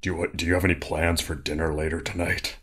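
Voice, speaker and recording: A man's voice: deep voice, level tone, fast talker, fairly bright tone, husky. A man playing a lonely older landlord in an improv comedy scene, hesitant and sentimental. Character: lonely older male landlord with foot warts.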